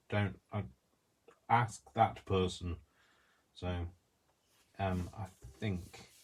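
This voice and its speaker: A man's voice: deep voice, slight background noise. A man hosting a crafting video, chatting in a rambling, self-deprecating way as he works. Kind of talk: casual chat while crafting.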